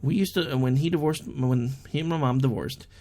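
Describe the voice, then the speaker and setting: A man's voice: mid-range voice, moderate pace, darkish tone. A young adult man hosting an online talk show, chatting through a casual monologue and telling stories in which he quotes people in raised voices.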